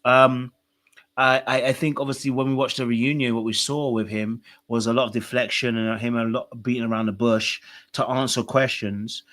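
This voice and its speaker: A man co-hosting a chatty podcast, reflective and unhurried, stacking up opinions one "I think" at a time. He pauses often on small fillers as he weighs what to say. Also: medium pitch, little pitch movement, fairly bright tone. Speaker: podcast co-host. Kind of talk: casual commentary on a reality show.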